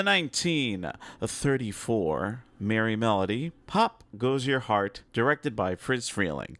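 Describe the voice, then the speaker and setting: A man's voice: mid-range voice, animated, normal speed, a bit bright, no echo. A man giving a casual, upbeat music trivia segment as a guest, chatty and prone to digressions.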